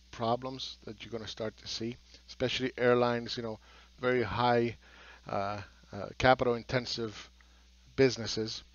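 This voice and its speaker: A man's voice: mid-range voice, lo-fi sound. A man giving a blunt market commentary monologue, sarcastic and swearing, who mocks other people's views. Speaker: market analyst.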